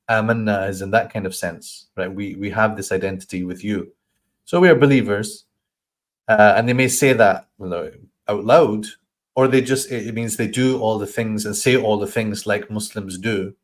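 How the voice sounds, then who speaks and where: Lower-pitched man teaching scripture, thoughtful. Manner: thoughtful, stops to search for words, acts out voices in quoted lines; recites Arabic verses in a quick flowing chant. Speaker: Quran teacher. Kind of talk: scholarly explanation in a study session.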